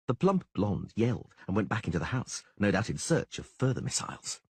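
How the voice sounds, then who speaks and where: A man narrating a fantasy audiobook in an expressive storytelling manner. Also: low-pitched, a little fast, breathy edge, dry recording. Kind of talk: scripted narration.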